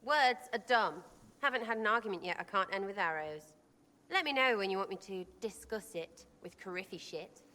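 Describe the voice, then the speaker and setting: A woman's voice: mid-range voice, lively intonation, normal speed, bright, forceful tone. Give me a rude, mocking young elf archer from a video game, with a long hall reverb on her voice. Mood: dismissive. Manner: blunt, mocking, crude.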